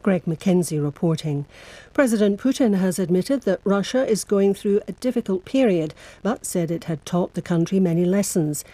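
A woman reading a radio news bulletin in a measured, formal way. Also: mid-range voice, lively intonation, dark tone. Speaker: newsreader.

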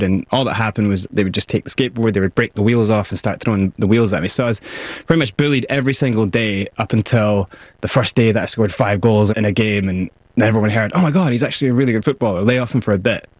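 A man's voice: fairly low pitch, dry recording. A man with a Scottish accent, speaking as an interview guest and telling his own story in a candid, vivid way. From Scotland, raised partly in South Africa.

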